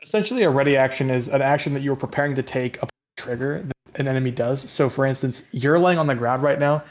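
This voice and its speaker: A man's voice: medium pitch, fast, highs cut off. A man playing a tabletop game who explains the rules confidently. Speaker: player. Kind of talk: casual tabletop play.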